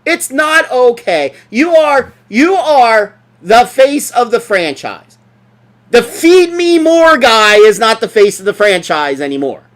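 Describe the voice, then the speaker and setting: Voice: medium pitch, a bit bright. A podcast co-host in casual sports chat, ranting and mocking with lots of swearing.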